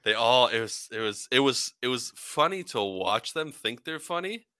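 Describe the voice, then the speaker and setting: A man's voice: medium pitch, animated, moderate pace, bright, forceful tone, clear, resonant tone, no room sound. A man in his forties co-hosting a podcast, giving dry, wry complaints in casual chat. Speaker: podcast co-host.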